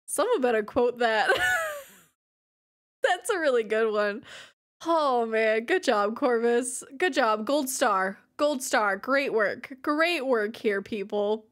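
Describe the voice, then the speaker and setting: A woman's voice: a little high, big pitch swings, slow. A woman streaming a game, chatting casually with her viewers, giggling and cracking crude jokes. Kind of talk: casual livestream chat while playing.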